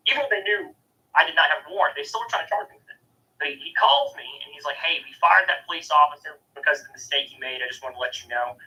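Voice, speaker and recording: A man's voice: a little high, expressive, fast, pushed and bright, rough recording. A man with a St. telling a story in a casual podcast chat, blunt and matter-of-fact with some swearing. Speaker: podcast co-host.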